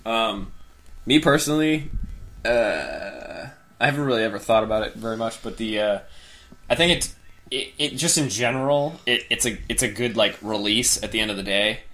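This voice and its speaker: A man's voice: mid-range voice, fairly bright tone. Rambling casual male podcast host. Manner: rambling, halting, swears and laughs easily. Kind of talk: casual gaming podcast chat.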